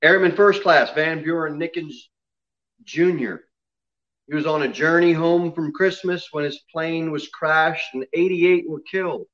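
A man preaching an expository sermon in a church, dropping low and quiet on solemn lines and rising loud on emphasis. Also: unhurried, dull audio. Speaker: pastor. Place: church sanctuary.

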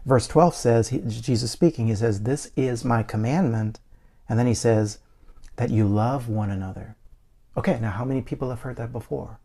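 Gravelly-voiced man preaching casually. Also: medium pitch, moderate pace, dark tone. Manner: conversational, repeats words, chuckles, says "man" and "you know". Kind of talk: casual sermon.

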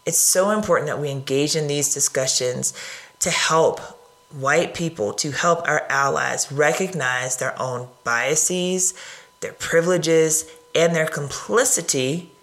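A woman's voice: low-pitched, unhurried, fairly bright tone. A woman from the United States hosting a podcast, telling a personal story in an earnest, reflective way. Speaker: podcast host.

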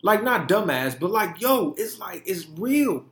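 A man's voice: high voice, very animated, a little slow. Young man, podcast host, raised voice, emphatic, swears freely, roomy echo. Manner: candid and emphatic, profane, mimicking his own inner talk. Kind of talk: candid monologue. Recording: echoey room.

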